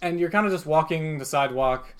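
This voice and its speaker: A man's voice: fairly high pitch, fairly quick, clear, resonant tone. A young man narrating as game master, rambling with many fillers and chuckling as he goes.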